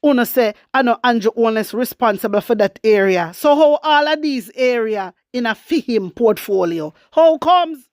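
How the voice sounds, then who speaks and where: A woman's voice: fairly high pitch, moderate pace, few pauses, no room sound, studio quality. A Jamaican woman hosting casual political commentary, switching between patois and English and speaking straight to her viewers. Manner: animated, mixes Jamaican patois and English, addresses viewers as wisdom warriors; reads news excerpts aloud.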